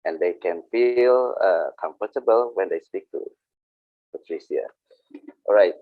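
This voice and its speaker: A man teaching workplace English online, explaining slowly with frequent hesitations and repetitions. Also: deep voice, no echo. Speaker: English instructor. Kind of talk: online vocational English lesson. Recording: dull lo-fi sound.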